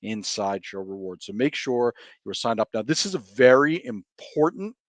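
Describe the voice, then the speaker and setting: Joking, animated man hosting trivia. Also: medium pitch, moderate pace, no echo. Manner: animated, jokey, rants with mock outrage. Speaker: livestream co-host running a trivia game. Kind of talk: casual chat.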